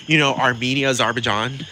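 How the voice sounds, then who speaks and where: A man delivering a sassy, profane comedic rant, rambling fast with plenty of attitude. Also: medium pitch, background noise.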